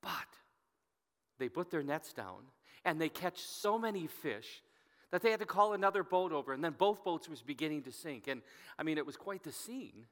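Male pastor, bright forceful voice, storytelling sermon, reads scripture with rising emphasis, long hall reverb. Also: a little high, lively intonation, normal speed.

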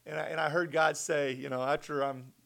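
A middle-aged man telling a personal faith story as a guest in conversation, earnest and animated. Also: on the high side, a little fast, vocal fry. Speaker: guest sharing his testimony.

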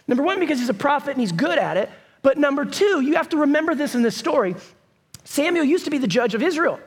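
A man preaching a sermon, telling the story in a lively, conversational way with bursts of raised voice. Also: very high-pitched, fast. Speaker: pastor.

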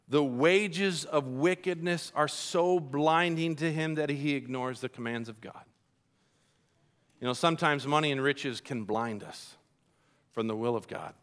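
Male preacher, animated sermon, folksy asides, bright tone, pitch a bit high. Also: unhurried, smooth.

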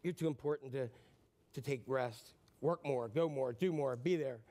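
A man's voice: medium pitch, mellow, voice pushed down, lightly acted. A man voicing a male tempter spirit that hurries and nags with guilt, inside a sermon. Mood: nagging. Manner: pushy, hurried nagging.

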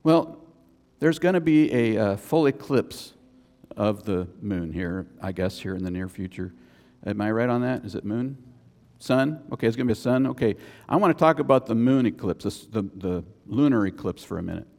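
A man's voice: on the low side, expressive, normal speed, vocal fry, darkish tone. A man preaching a sermon as a pastor, conversational, with chatty asides between points. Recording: long reverb of a church hall.

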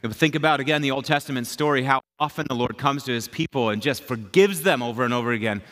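A man's voice: mid-range voice, fast talker, a bit bright. A middle-aged man, a pastor, preaching a sermon in a conversational, emphatic way, repeating his key phrases.

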